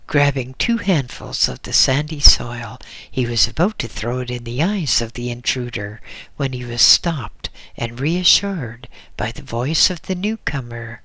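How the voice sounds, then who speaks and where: A man narrating a book in a slow, measured reading. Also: medium pitch, expressive, pushed and bright, no room sound. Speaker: audiobook narrator. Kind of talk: scripted narration.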